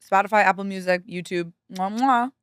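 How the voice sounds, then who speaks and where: A young woman hosting a podcast, gushing and excitable with casual slang. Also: mid-range voice, moderate pace, smooth, no room sound, studio quality. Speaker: podcast host.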